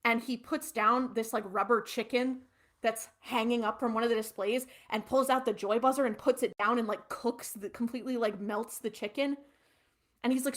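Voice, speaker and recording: A woman's voice: a little high, steady tone, moderate pace. A woman podcast co-host, retelling a TV episode in a rambling, casual way with lots of fillers. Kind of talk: casual recap chat.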